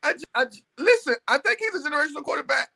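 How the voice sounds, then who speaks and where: A man's voice: very high voice, animated, very fast, gravelly, bright, forceful tone. A man on a sports debate panel, talking in a playful, jokey way with mock emotion.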